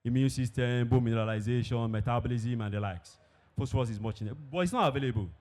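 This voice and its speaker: A man teaches a room of farmers about feed. He explains patiently, repeats his key points and keeps asking the audience questions. His voice sits at an ordinary middle pitch. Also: quick pace, a little mellow. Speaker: industry presenter. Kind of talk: technical presentation to farmers. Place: conference hall with a live audience.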